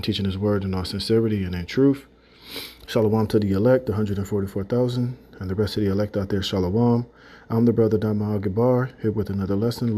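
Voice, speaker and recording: Speaking in a warm, fairly low voice, a man gives a loose, casual religious testimony to his listeners. He sprinkles his talk with plenty of "you know" and "man."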